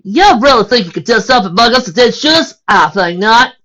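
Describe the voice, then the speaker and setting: Woman doing a tough cocky girl, punchy and loud, bouncy pitch. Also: expressive, fast talker, close to an everyday voice. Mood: defiant. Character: tough, blunt, plain-spoken young woman.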